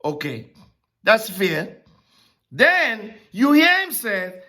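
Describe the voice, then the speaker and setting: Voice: mid-range voice, very animated, very slow, pushed and bright. A Bible teacher preaching a sermon-style lesson, who asks rhetorical questions and repeats key phrases for emphasis.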